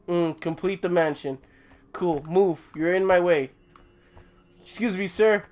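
A hoarse gaming host losing their voice, swearing and cheering through casual gameplay commentary at home. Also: medium pitch. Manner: profane, talks to the game, grunts and cheers while playing. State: hoarse, voice giving out from sickness.

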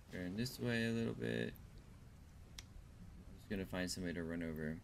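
A man's voice: low voice, moderate pace, creaky, long pauses, a little hiss or hum. A man casually commenting while he plays a video game and chats with viewers, thinking aloud as he goes. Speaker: streamer.

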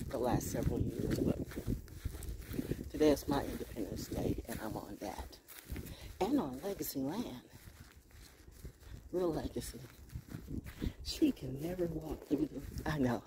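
A woman talking casually to her phone outdoors in the woods, chatty and opinionated, with a high sing-song voice for animals. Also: background noise. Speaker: vlogger. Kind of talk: casual outdoor vlog monologue. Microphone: phone held in hand.

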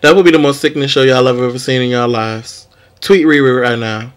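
A man's voice: mid-range voice, brisk, clear, resonant tone. A young man hosting a casual celebrity gossip vlog, sassy and profane, talking straight to his viewers. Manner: sassy, profane, animated commentary. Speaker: vlog host.

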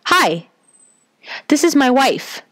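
A woman's voice: high-pitched, very animated, slow pace, fairly bright tone, pitched above the performer's own voice, exaggerated voice. An earnest, polite male TV producer, patiently explaining why he is asking a favor, voiced by a woman in her own storytelling voice. His manner is courteous and a little apologetic.

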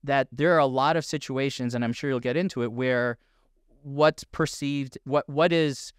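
A man co-hosting a fitness podcast, explaining his view in an assured, measured way. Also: mid-range voice, clean tone, dry recording, clean studio sound. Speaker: podcast co-host, fitness coach. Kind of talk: casual podcast chat.

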